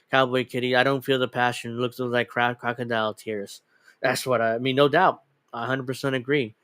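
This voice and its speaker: Blunt male commentary host, smooth dry voice. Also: mid-range voice, fairly bright tone, no room sound. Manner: blunt, dismissive, swears freely. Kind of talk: casual political commentary.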